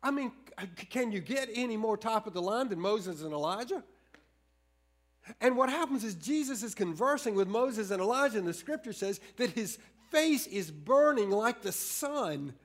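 A middle-aged man preaching a sermon, earnest, often restarting his phrases and moving between slow emphasis and quick storytelling. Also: high-pitched, animated. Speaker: pastor.

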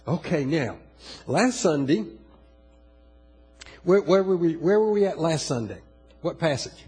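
A male pastor preaches in a loose, conversational sermon style. His voice is husky and somewhat high, and it swings widely in pitch as he stumbles through repeated restarts. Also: unhurried, long pauses, soft background music, low-quality recording. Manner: conversational, repetitive restarts, animated.

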